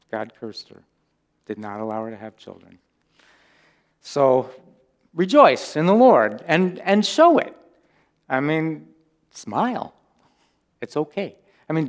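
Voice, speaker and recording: A man's voice: on the high side, gravelly. A man preaching a conversational sermon as a pastor, informal and humorous, often asking the congregation questions.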